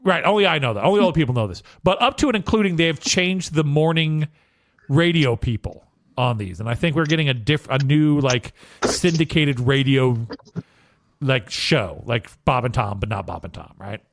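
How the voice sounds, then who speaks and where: A man co-hosting a casual podcast, telling a story with lively asides and frequent "okay?" check-ins. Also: medium pitch, normal speed, dry recording. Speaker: podcast co-host.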